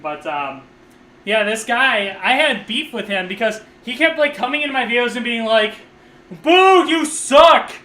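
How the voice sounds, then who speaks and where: A man's voice: extremely high pitch, animated, normal speed, bright, forceful tone, echoey room, rough recording. A man live streaming a game and chatting casually, rambling and swearing, laughing often, on a USB condenser microphone. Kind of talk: casual live stream chat while playing.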